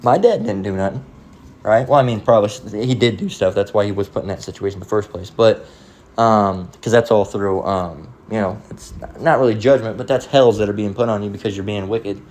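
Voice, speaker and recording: A preacher delivers a casual, profanity-laced monologue in sermon style, rambling from story to story and voicing the characters' quoted dialogue. He speaks briskly, his fairly low voice a little mellow.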